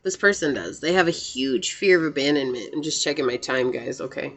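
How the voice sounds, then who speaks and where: A woman's voice: deep voice, brisk, vocal fry. A woman reading tarot cards to camera in a casual, earnest way, full of "like" fillers. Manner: chatty and earnest, many "like" fillers. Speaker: tarot reader.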